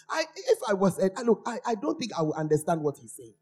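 A preacher delivers a sermon in a church, drawing out important words and turning to the congregation with questions. The pitch is mid-level but very lively, rising and falling across wide swings. Faint music sits underneath. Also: fairly quick. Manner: animated, questions the congregation and stretches key words.

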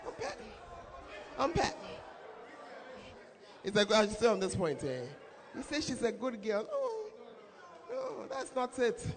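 A woman pastor preaching a sermon in a lively, shouting, laughing manner. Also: on the high side, slow pace, long pauses. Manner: animated, shouts and laughs often. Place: church hall with congregation. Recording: reverberant hall, faint crowd.

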